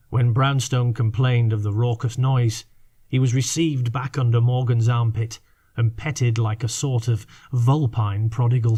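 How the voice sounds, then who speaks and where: A man narrating a fiction audiobook in measured, unhurried reading. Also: medium pitch, mellow. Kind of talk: scripted narration.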